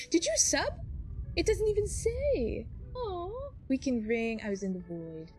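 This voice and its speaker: A woman in her thirties, a mom and live streamer, chatting casually and bubbly while she plays a video game, with lots of fillers and laughs. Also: fairly high pitch. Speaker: Twitch streamer. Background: game music.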